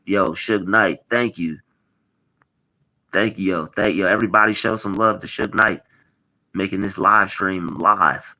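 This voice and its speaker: Guy with ribbing commenters on a live stream, lowish voice but bright and cutting. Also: steady tone, unhurried, pauses often. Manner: mocking, repetitive, replies to chat. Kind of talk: casual live stream chat.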